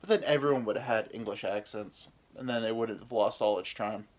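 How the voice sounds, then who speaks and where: A young American man with a lowish voice talks a little fast. He's a podcast host telling a rambling, profane, self-mocking story in a casual, comedic way.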